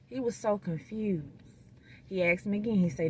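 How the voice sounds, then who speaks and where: In her parked car in a restaurant parking lot, a food vlogger chats folksily with viewers while she eats, recorded on a phone. Her voice is medium-pitched at a moderate pace, with a little hiss or hum in the audio.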